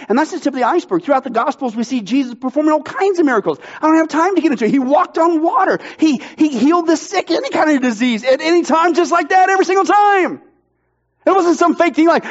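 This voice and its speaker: A pastor preaching a sermon with emphatic, energetic delivery and playful jokes. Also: male voice, very high voice, quick pace. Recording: dull lo-fi sound.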